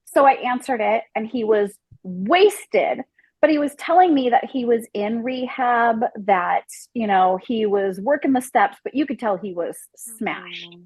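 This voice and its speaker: A woman with a slightly husky, fairly high voice tells a dating disaster story on a podcast. She acts out each person in the story and laughs along the way. The sound is close and dry. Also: unhurried, dry recording, poor audio. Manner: animated, acts out the people in her story, laughs mid-story. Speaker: guest telling a dating story.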